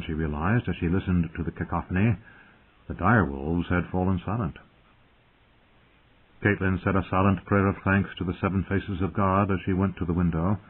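Male audiobook narrator, low husky voice, measured and dramatic, phone-like audio.

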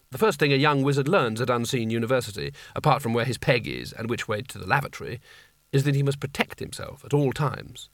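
A man narrates a comic fantasy audiobook with dry, wry timing. His voice sits at an ordinary middle pitch. The recording is close and dry, with no room sound. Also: a bit bright, breathy edge, no echo. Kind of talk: scripted narration.

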